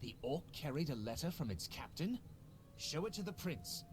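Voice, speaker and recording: A man's voice: on the high side, sing-song, moderate pace. An actor playing a grave male game character who speaks formally and solemnly. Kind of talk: in-game voice acting. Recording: noisy game audio.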